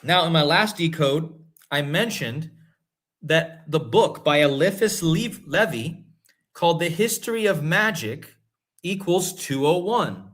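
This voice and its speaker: A man with a slightly high voice hosts a casual livestream. He talks with eager emphasis, going back over his points again and again for the viewers in the chat. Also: unhurried. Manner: excited, emphatic, repeats himself. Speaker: host. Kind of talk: livestream commentary.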